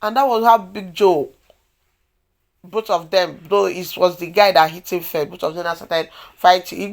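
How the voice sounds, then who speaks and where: A woman with a Nigerian accent chatting through a casual movie recap, telling the story in an animated way with exclamations. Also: fairly low pitch, moderate pace, vocal fry. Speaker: movie reviewer.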